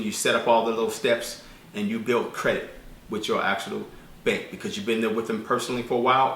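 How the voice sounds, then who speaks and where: Fast-talking man in an echoey room. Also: medium pitch, pushed and bright. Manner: fast, colloquial, rambling with restarts. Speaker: business credit instructor. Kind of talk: informal spoken lesson. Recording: echoey room, distant mic.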